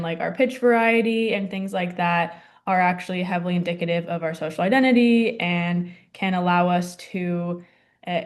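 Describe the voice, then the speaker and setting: A young adult woman presenting a class project, hesitant and full of ums and likes. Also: lowish voice. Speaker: student presenter.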